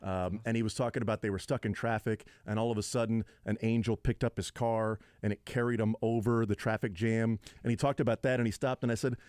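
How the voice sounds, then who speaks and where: A man's voice: fairly even intonation, brisk, hardly any pauses, a little mellow, smooth, no room sound, studio quality. A man co-hosting a casual sports radio talk show, jokey and prone to slipping into impressions. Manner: jokey, slips into impressions and high-pitched bits. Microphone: studio microphone.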